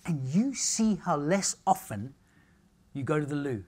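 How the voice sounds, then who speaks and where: Animated, jokey man lecturing. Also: on the high side, measured pace, breathy edge. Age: middle-aged. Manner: cheeky, jokey, animated storytelling. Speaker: nutritionist giving a talk. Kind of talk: lively health lecture to a live audience.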